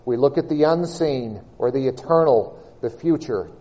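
A man preaching a sermon, reading and expounding scripture with measured, emphatic delivery and slowed key words. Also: mid-range voice, mellow, lo-fi sound.

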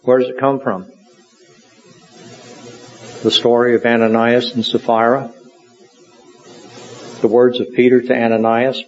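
Male preacher, mid-pitched, measured and earnest, slightly muffled audio. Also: little pitch movement, a little mellow, a little hiss or hum. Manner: measured, earnest storytelling delivery. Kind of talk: sermon. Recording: dull lo-fi recording.

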